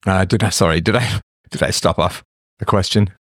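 Middle aged guy on a stream, low voice, bone dry sound, blunt and chatty. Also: normal speed, dry recording. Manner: chatty and blunt, laughs often, drifts off topic. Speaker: livestream host answering viewer questions. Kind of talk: casual chat.

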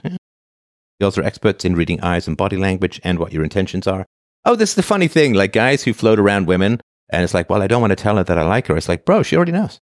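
A man's voice: low-pitched, no room sound, studio quality. A man in his fifties casually reading posts aloud and commenting on them, with frequent "uh" and restarts. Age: 50s. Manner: reads a line then comments, with frequent "uh" and restarts.

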